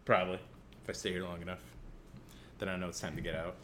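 A man's voice: sits low, little pitch movement, fast, very noisy. A man from Central Illinois with a light Central Illinois accent, co-hosting a casual podcast chat in a rambling, self-mocking way, laughing often. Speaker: podcast co-host. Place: indoor room, guest seated across.

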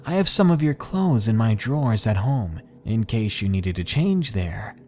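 A man's voice: lowish voice, big pitch swings, normal speed, a little hiss or hum. A man playing an obsessive, menacing young man. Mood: creepy. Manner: creepy, intense, shifting from angry to soft.

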